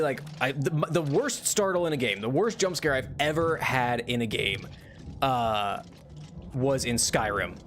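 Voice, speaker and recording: A man's voice: medium pitch, fairly bright tone, a little hiss or hum. A young man streaming a video game, chatting casually and rambling with lots of restarts and laughs. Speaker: VTuber streamer. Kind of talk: casual gameplay commentary.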